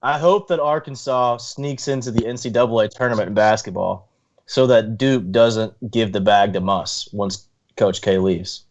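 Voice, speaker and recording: A man's voice: fairly low pitch, highs cut off. A man co-hosting a casual sports podcast, teasing his friends and giving opinionated takes. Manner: teasing, opinionated, quick to joke and laugh. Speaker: podcast co-host.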